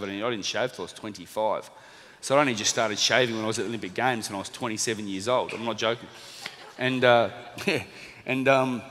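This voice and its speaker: A man with an Australian accent telling a lively story to a live audience, acting out the people he quotes. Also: fairly low pitch. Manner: animated storyteller, acts out quotes. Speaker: speaker at a seminar. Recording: long reverb of a hall.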